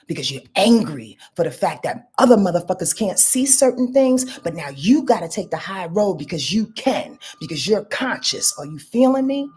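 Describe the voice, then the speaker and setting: A woman hosting a live astrology reading, talking casually and profanely with emphatic repetition, sometimes sinking to a hushed whisper. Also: low voice, lively intonation, moderate pace, hardly any pauses, breathy edge. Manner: drops to a hushed whisper at times. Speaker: astrology show host.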